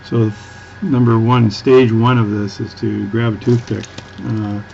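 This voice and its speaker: A man's voice: lowish voice, flat delivery, measured pace, vocal fry, darkish tone, dull audio, slight background noise. A Canadian man with a Canadian accent, chatting casually as he works through a watch repair, rambling and restarting often. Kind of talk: casual workbench tutorial.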